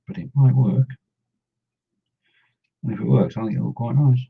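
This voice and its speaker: Casual chatter accompanies a man's miniature painting as he rambles and hums and mumbles to himself. His mid-range voice is gravelly and slightly rough, moving at normal speed with long pauses, and the recording is dull and lo-fi.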